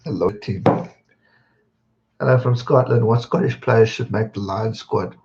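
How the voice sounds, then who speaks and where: A man's voice: lowish voice, fairly even intonation, measured pace, vocal fry, pauses often, warm tone. Chatty man, dull stream audio. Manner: chatty, rambling, greets viewers by name. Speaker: live stream host. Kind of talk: casual chat reading viewer comments.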